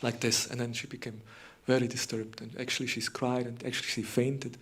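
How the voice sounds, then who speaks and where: A man's voice: medium pitch, little pitch movement, fairly quick, a bit bright, husky. A man giving a devotional morning lecture, retelling scripture in a loose conversational way with frequent fillers and restarts.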